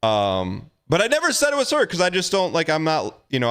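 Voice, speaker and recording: Lively, playful man in casual chat. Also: a little high, fairly quick, clear, resonant tone. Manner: playful, impulsive, laughs often. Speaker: live streamer.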